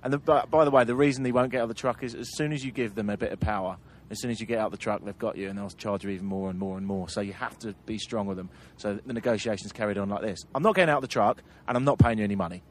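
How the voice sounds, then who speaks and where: A man's voice: lowish voice, steady tone, rapid-fire, hardly any pauses, slight background noise. A man hosting a travel podcast, telling road-trip anecdotes in casual chat and laughing through them.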